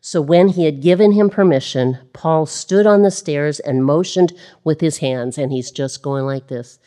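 A woman with a low voice preaches a sermon with animation. She gets louder when she voices a crowd and sinks into quiet, soft tones when she reflects. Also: measured pace. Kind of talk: sermon on a scripture passage.

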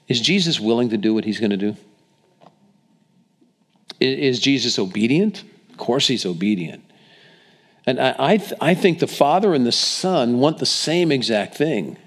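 A middle-aged man preaching a sermon in an earnest, conversational way, asking the congregation questions. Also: medium pitch. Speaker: pastor.

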